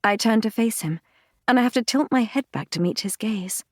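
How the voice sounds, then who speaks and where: A woman narrating a fantasy romance audiobook in the first person, reading in a measured, intimate, unhurried way. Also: on the high side, dry recording, clean studio sound. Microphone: close studio mic, dry.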